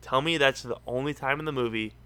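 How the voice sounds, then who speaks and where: Excitable man with a bright voice. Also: medium pitch, fast talker, smooth, no echo. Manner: excitable, interrupts, pushes his point. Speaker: podcast co-host. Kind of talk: casual film review chat.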